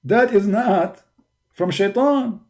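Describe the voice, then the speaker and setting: A livestream host with a tired voice argues in broken English, mocking his opponents and calling the listener brother again and again. His speaking voice sits high for a man. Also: slow, darkish tone. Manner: mocking, argumentative. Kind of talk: livestreamed religious critique talk.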